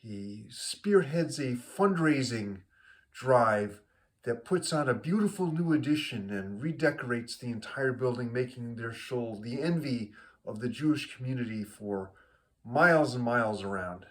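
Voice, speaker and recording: An easygoing man tells a long shaggy-dog joke at an unhurried pace. His delivery is loose and rambling, with plenty of fillers and restarts. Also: medium pitch, lively intonation. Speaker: joke teller. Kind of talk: told joke, casual storytelling.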